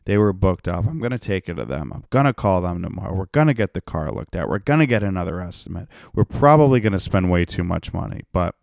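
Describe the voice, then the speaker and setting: A man's voice: low voice, sing-song, quick pace, vocal fry, few pauses, darkish tone, no room sound, studio quality. A young man hosting a podcast, rambling and ranting in a profane, sarcastic way. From Rhode Island, United States. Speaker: podcast host. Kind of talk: casual solo podcast rant.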